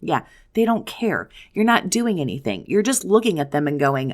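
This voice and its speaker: Blunt, low-voiced woman giving advice. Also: big pitch swings. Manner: blunt, profane, rapid rhetorical questions. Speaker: self-help video host. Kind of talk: direct-to-camera advice talk.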